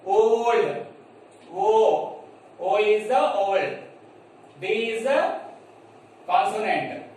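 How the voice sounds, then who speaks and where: A man with an Indian English accent teaching a grammar lesson to children, slowly spelling out words and checking whether they understand. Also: high voice, a little mellow. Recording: echoey room from far off, faint noise.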